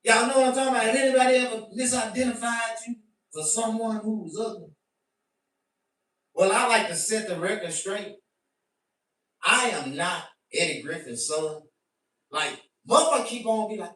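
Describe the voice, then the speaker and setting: A man doing a profane stand-up rant to his stream, animated and bursting into shouts. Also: very high-pitched, moderate pace, pauses often. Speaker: comedian. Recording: very echoey room, mic at a distance.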